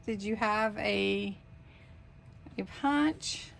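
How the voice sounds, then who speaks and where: A woman hosting a craft channel, casually opening mailed craft cards and thanking senders with warm, gushing praise. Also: mid-range voice, slow pace, a little hiss or hum.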